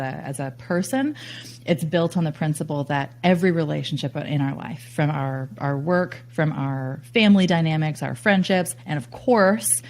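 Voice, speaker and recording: A woman with a lower voice speaks as a guest on a podcast, earnest and candid, dropping the odd casual swear word. Faint noise hums under the recording. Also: darkish tone. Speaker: relationship coach and author. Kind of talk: casual interview chat.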